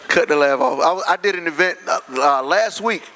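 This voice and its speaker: A man doing a stand-up comedy set, drawling and stopping himself mid-joke. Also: on the high side. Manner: drawling, self-interrupting joke delivery. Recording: live event with background noise.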